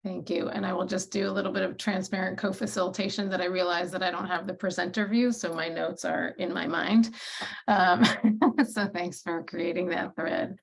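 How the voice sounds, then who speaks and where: A woman's voice: on the low side, steady tone, moderate pace, vocal fry. A woman co-facilitating an online workshop on a video call, speaking reflectively and sometimes searching for her words.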